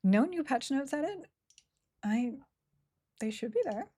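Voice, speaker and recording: A woman's voice: high voice, lively intonation, takes it slowly, dark tone. Giggly woman streaming a game. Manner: chatty, giggly, self-mocking. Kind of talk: casual live-stream chat while playing.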